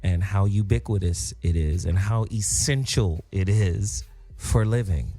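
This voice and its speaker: A man's voice: deep voice, unhurried, mellow, husky, no room sound, faint music behind. A man hosting a casual radio talk show, loose, joking and profane as he wraps up the hour.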